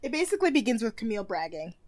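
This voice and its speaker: A woman's voice: fairly high pitch, big pitch swings, very fast, a little mellow, no echo. A young woman co-hosting a podcast, casually recapping a TV show with lots of "like" and frequent laughs. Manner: chatty, lots of "like", laughs often. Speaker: podcast co-host.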